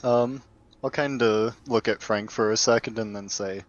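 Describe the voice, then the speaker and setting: A man playing a tabletop game, calm and matter-of-fact. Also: on the low side, moderate pace. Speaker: player. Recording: dull lo-fi audio.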